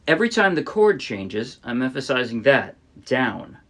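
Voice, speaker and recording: A middle-aged man from the New Jersey area teaching ukulele in a relaxed way, often restarting his sentences and singing short demo lines. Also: medium pitch, normal speed, creaky, hardly any pauses, soft background music. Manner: relaxed, explains with restarts and sung demos. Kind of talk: casual music tutorial. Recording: ukulele playing behind.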